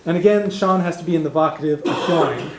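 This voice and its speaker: A man teaching a beginner language class, explaining step by step and modelling phrases slowly so the class can repeat them. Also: fairly high pitch, background noise. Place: community classroom in a heritage house. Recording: echoey classroom recording.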